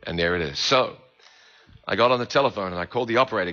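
A man with a New Zealand accent, a preacher telling his conversion story in an animated storytelling manner. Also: on the low side, fast. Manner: animated, swings between hushed and loud. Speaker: preacher giving his testimony. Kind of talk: sermon storytelling. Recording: dull lo-fi recording.

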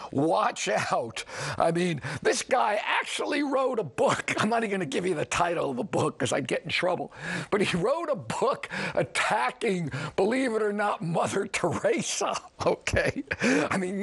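A man with a New York accent hosting a program, talking in an animated, digressive way with chuckling asides. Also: sits high, gravelly, breathy edge. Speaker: program host. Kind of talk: conversational radio commentary.

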